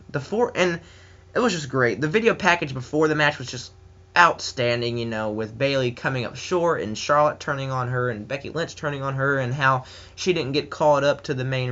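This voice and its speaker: A man's voice: medium pitch, fairly bright tone, highs cut off. A man with a Southern US accent giving a casual, enthusiastic solo wrestling review, rambling with many fillers and restarts.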